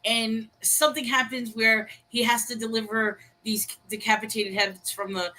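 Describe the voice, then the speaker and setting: A woman's voice: a little high, level tone, moderate pace, pushed and bright, rough recording. A woman co-hosting a casual chat over a video call, telling stories and laughing easily. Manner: chatty, storytelling, laughs easily. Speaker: co-host.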